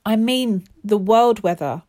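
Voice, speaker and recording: A woman's voice: mid-range voice, slow, dark tone, natural voice. A woman voicing an earnest female scientist who explains things in a children's story. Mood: explaining. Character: woman scientist running a control room.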